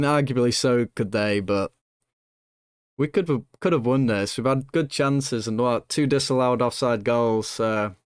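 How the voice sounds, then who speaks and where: A young man commentating his own football management game, excitable and swinging between nervous hush and loud joy, swearing now and then. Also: mid-range voice, clean tone, no echo, studio quality. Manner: excitable, swings from hushed nerves to shouting joy. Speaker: gaming YouTuber.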